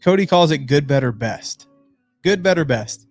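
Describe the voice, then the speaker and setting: A man's voice: on the high side, animated, normal speed, soft background music. A man hosting a motivational business talk from his home office, speaking emphatically and addressing viewers directly. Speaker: host.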